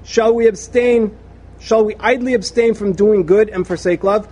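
A man's voice: high-pitched, normal speed, darkish tone. A man teaching a conversational scripture lesson, rereading passages aloud and explaining them in an emphatic, chatty way. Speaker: Bible study teacher.

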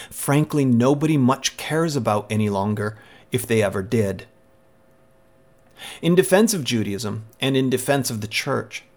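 A man giving a scripted teaching talk in a measured, rhetorical way, posing one question after another. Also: medium pitch.

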